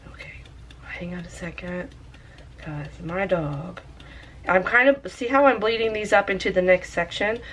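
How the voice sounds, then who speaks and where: A woman's voice: fairly low pitch, a little slow, fairly bright tone. A woman chatting her way through a tie dye session with lots of fillers. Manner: chatty, rambling, many fillers. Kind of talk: casual craft demo. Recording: faint background noise.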